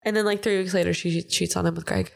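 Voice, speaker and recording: A woman's voice: lowish voice, fairly even intonation, quick pace, creaky. A woman co-hosting a podcast, chatting casually through a recap and acting out quotes in playful voices. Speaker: podcast co-host. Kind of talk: casual chat recapping a reality show.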